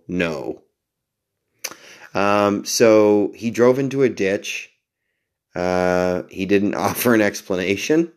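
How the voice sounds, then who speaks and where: A man with a notably deep, low-pitched voice spins a casual, rambling story straight to the camera. He is self-deprecating and chuckles between his thoughts.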